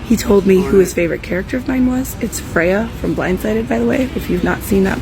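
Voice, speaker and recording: A woman author recording a quick video message at an airport, bubbly and imitating someone else's voice as she tells a story. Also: mid-range voice, music in the background, poor audio.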